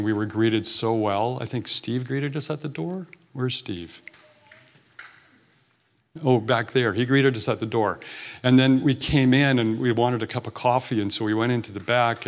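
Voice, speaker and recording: Earnest conversational male preacher. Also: mid-range voice. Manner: earnest and conversational, with frequent restarts. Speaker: guest preacher. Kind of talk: informal sermon. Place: church sanctuary.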